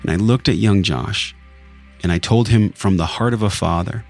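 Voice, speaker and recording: Male podcast host, deep voice, reflective heartfelt storytelling over faint music. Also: normal speed, vocal fry, darkish tone. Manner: earnest, emotional, reflective. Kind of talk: personal storytelling monologue.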